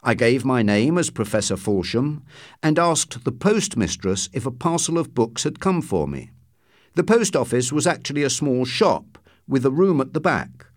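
A man reading a story aloud as narrator, in a steady, measured storytelling voice. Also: medium pitch, no echo, studio quality. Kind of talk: scripted audiobook narration.

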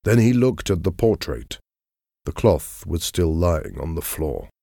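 Brief: male narrator, slow and clear, dry close studio sound. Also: low voice, sing-song, mellow, dry recording. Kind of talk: audiobook narration of a graded reader.

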